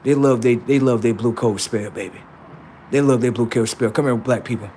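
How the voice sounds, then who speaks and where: A man's voice: medium pitch, brisk, dark tone, slight background noise. A man hosting a livestream, delivering a heated, profane and confrontational political rant that taunts his listeners. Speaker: livestream host.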